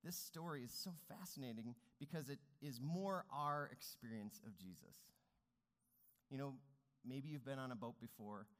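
A man's voice: medium pitch, normal speed, a bit bright. A man preaching a sermon as pastor, speaking earnestly with rising and falling emphasis. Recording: long reverb of a large hall.

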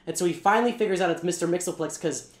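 Fast-talking, rambling comics fan co-host. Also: medium pitch, roomy sound. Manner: rambling, profane, animated retelling with quick asides. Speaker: comic book channel co-host. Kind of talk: casual chat.

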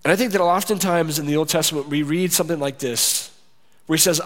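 A man's voice: a little high, quick pace. Man preaching in a reverberant hall. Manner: conversational preaching, acts out quoted voices. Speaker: pastor. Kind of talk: sermon. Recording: long reverb of a large hall.

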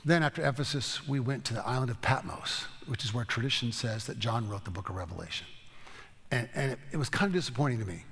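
A man leading a Bible study gives an informal teaching talk, telling folksy, rambling stories with restarts. His medium-pitched voice is expressive, quick, creaky, fairly bright, and slightly breathy, with a long reverb tail.

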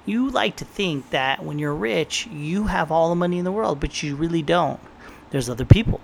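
A man's voice: a little high, expressive, moderate pace, vocal fry, slight background noise. A young man talking casually and profanely in a rambling podcast monologue, often quoting his own thoughts. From San Diego area, United States. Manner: rambling and profane, tells stories with quoted inner thoughts.

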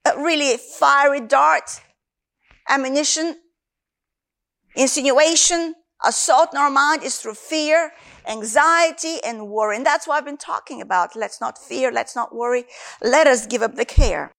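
A woman's voice: high voice, measured pace, vocal fry, a bit bright. A woman from Africa, a Christian minister, giving an earnest sermon with her personal testimony and repeating key phrases for emphasis.

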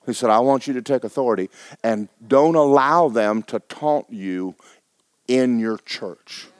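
A man, a pastor preaching and telling a story with animated bursts of loud shouting. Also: mid-range voice, unhurried, dry recording. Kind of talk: sermon.

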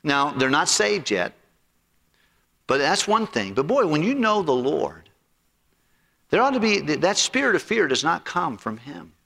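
A man preaches from the pulpit in an animated style, circling back on his phrases. His voice is bright and lively, swooping up and down. It rings out with the long reverb of a church hall. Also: fairly high pitch, unhurried, gravelly, pauses often. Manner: animated preaching with repetitions and acted-out quotes. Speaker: pastor. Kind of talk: sermon.

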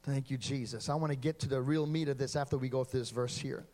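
A man preaching a sermon, telling a personal story that builds into loud, fervent exhortation. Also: medium pitch, fairly even intonation, fast.

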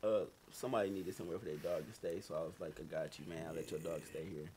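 A man's voice: low-pitched, steady tone, fast, a loud crowd. A man in casual chat, telling stories in a laid-back way and laughing often.

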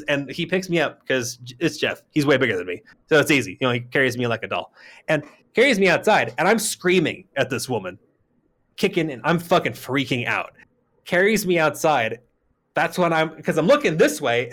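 A man from Arizona co-hosting a podcast, telling a story in casual chat with a profane, heated delivery that jumps to shouting. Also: fairly high pitch. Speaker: podcast co-host.

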